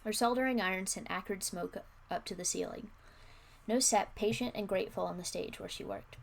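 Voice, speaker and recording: A woman's voice: medium pitch, brisk, creaky. Young woman reading aloud, wry asides. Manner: wry, self-mocking commentary. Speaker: streamer.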